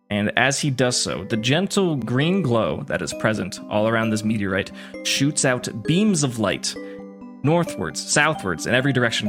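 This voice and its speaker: A man narrating as game master of a tabletop game in a loose, laughing way, with many fillers. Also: medium pitch.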